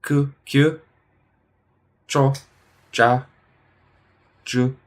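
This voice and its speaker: A tired man studying on a stream, thinking aloud in a halting, muttering way and sounding out practice words. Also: mid-range voice, fairly even intonation. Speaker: language learner streaming study.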